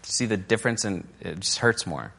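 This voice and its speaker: A man's voice: low voice, animated, normal speed, creaky, bright, forceful tone. Man preaching in a reverberant hall. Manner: casual and conversational, with fillers and restarts; acts out quoted criticisms in a raised, mocking voice. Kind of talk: conversational sermon.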